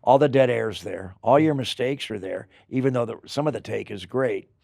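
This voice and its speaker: An older man, an actor being interviewed, telling rambling, animated stories in casual chat. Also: medium pitch, moderate pace, gravelly, no room sound, clean studio sound. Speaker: actor guest.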